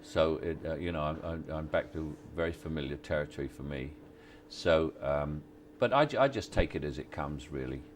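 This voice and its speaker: A man, giving relaxed, halting interview answers on location at a film set, with many restarts and wry chuckles. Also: extremely low pitch, slight background noise. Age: 60s. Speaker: actor interviewee.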